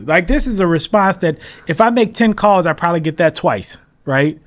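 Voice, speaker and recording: A man being interviewed as a mortgage broker, talking in an animated, emphatic way and acting out his phone calls. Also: high voice, moderate pace. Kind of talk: casual interview talk.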